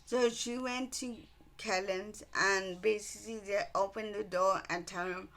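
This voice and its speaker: A woman's voice: mid-range voice, fairly even intonation, measured pace, pushed and bright. A woman casually retelling a novel's plot as a book reviewer, rambling with many ums and restarts.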